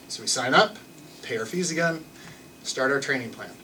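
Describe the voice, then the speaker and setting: A man's voice: mid-range voice, a little fast, sharp tone, distant mic, slight background noise, rough recording. A young man telling a personal story on stage in a loose, self-mocking way, full of restarts and fillers. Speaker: live storyteller. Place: theater stage with an audience.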